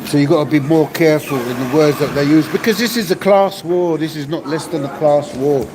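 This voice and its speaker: A man's voice: fairly high pitch, fairly quick. A man in his fifties from East Central London with a Cockney accent, ranting in a casual podcast monologue and often asking "yeah?" at the end of a point. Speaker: podcast host. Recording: noisy, with vehicle sounds behind.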